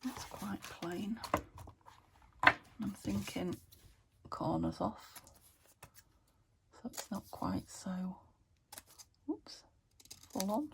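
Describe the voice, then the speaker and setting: A woman's voice: medium pitch, extremely slow, vocal fry, pauses often, background noise. A British woman chatting to herself while crafting, thinking aloud and often dropping into a whisper. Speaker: craft vlogger. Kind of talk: casual narration while crafting.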